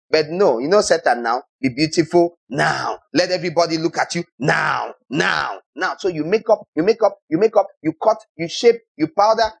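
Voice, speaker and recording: Husky, animated male preacher. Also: high voice. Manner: rhetorical, mocking, swings from loud to soft. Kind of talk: sermon.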